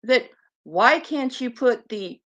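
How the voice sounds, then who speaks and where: Sarcastic woman with a slow, lively voice. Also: fairly high pitch. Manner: scornful, sarcastic, swears freely. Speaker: commentary vlogger. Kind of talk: mocking commentary on clips. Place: lives on an island.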